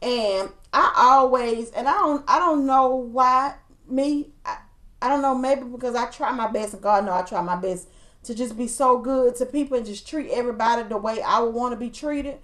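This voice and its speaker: Earnest woman podcaster, higher voice. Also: normal speed, a bit bright. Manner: earnest, preachy, storytelling with quoted voices. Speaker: podcast co-host. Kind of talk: casual chat, storytelling.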